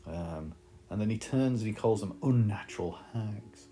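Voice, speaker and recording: A man's voice: on the low side, animated, normal speed, warm tone, a little hiss or hum. A man teaching a literature lesson, explaining in a thoughtful way with frequent fillers.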